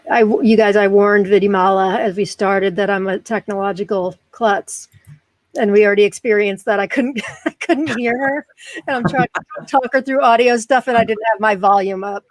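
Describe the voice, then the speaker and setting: A woman's voice: medium pitch, steady tone, moderate pace, no room sound. Bubbly American woman hosting, dry sound. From United States. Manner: bubbly, self-deprecating, chatty. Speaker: podcast host. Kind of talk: casual chat.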